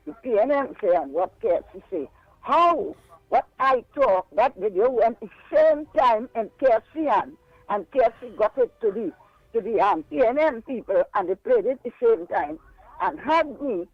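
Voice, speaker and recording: A woman's voice: fairly high pitch, lively intonation, normal speed, no room sound. An older woman with a Trinidadian accent calls in to a radio show, insistently repeating her questions. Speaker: caller. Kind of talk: call-in radio complaint. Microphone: telephone. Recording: muffled phone line.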